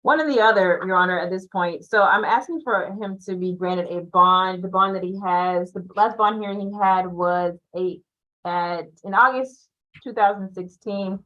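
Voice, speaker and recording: A woman's voice: medium pitch, moderate pace, fairly bright tone. A woman defense attorney arguing for a bond in court, politely addressing the judge. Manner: polite, addresses the judge formally, laughs easily. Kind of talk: courtroom argument. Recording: muffled courtroom audio.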